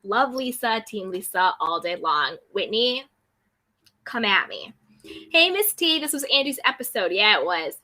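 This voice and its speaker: A woman's voice: mid-range voice, big pitch swings, a little slow, sharp tone. A woman hosting a casual live chat, reading viewer comments aloud and answering them. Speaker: YouTube recap host reading live chat.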